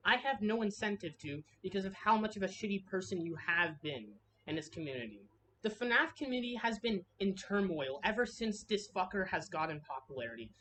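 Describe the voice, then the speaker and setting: A woman's voice: on the low side, fairly bright tone, slight background noise. A woman delivering a harsh, heated commentary rant, swearing freely and restarting her sentences. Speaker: commentary video creator. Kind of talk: ranting commentary.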